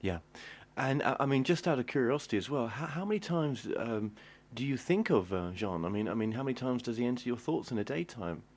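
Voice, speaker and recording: A man's voice: mid-range voice, lively intonation, a little fast. A man hosting an interview, asking questions hesitantly with many fillers and agreeing often. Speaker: host.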